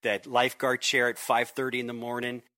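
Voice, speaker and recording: Bright-voiced man telling stories. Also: medium pitch, fairly quick. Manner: animated storyteller, acts out voices. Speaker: youth pastor, guest. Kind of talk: casual podcast conversation.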